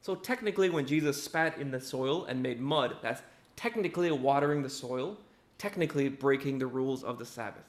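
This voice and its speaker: A young male preacher with a mid-range, animated, brisk voice gives a casual, conversational sermon in an echoey room. He keeps checking in with "right?" and acts out what people said.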